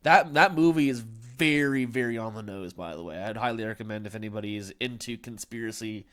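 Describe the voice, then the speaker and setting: A man co-hosting a casual reaction chat, excitable and slangy with plenty of fillers. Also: on the low side, fairly quick. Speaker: co-host.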